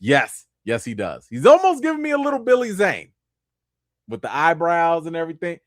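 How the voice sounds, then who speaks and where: A man talks through the week's news on his livestream. His voice sits a little high and swings widely in pitch as he presses his points, and the sound is dry and close. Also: normal speed, no echo. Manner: emphatic, animated, repeats points for effect. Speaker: livestream host. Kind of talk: casual commentary livestream.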